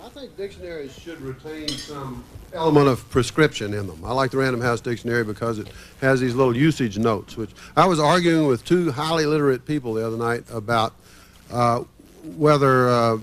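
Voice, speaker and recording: Mid-pitched guy on a panel telling stories, lots of uhs, kinda hesitant. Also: normal speed. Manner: anecdotal, hesitant with many fillers. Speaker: panel guest. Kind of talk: panel discussion.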